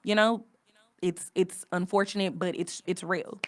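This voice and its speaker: A woman's voice: fairly low pitch, steady tone, unhurried. A woman hosting a podcast, talking candidly and frankly in casual speech. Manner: frank, conversational, reading from notes. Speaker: podcast host. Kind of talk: candid personal monologue.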